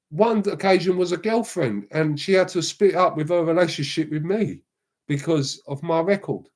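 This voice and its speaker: A middle-aged man, a show guest rambling through slangy, lively anecdotes in casual chat. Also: fairly high pitch.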